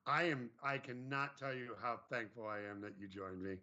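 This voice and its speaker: Halting male host on a lo-fi call. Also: mid-range voice, pushed and bright. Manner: halting, many restarts. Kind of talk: casual live-stream interview. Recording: dull lo-fi stream audio.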